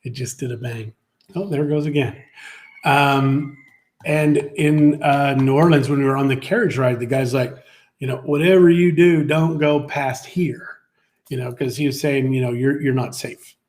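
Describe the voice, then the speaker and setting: A middle-aged man co-hosting a livestream show chats casually, rambling through stories with many restarts. His medium-pitched voice is steady and darkish, at a moderate pace.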